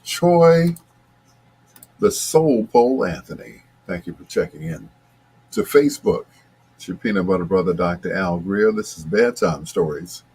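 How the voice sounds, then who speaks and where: Husky laid-back late-night DJ man. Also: on the low side, darkish tone. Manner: laid-back, chatty, talks to listeners by name. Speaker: radio show host. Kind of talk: late-night radio DJ chat.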